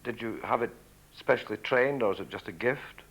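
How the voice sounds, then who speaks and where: A man's voice: medium pitch, normal speed, fairly bright tone, husky, highs cut off. A male interviewer asking polite, admiring questions.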